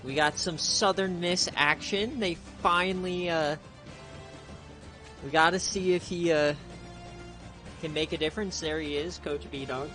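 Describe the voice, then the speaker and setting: Bright-voiced casual game commentator, man. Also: fairly high pitch, a little slow, long pauses, soft background music. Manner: laid-back and chatty, bursts into excited shouts. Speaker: league streamer.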